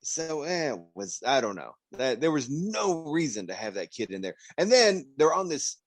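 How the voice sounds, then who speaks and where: A man's voice: on the high side, very animated, moderate pace, no room sound. A man co-hosting a podcast in casual movie banter, laid-back and often searching for words. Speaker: podcast co-host.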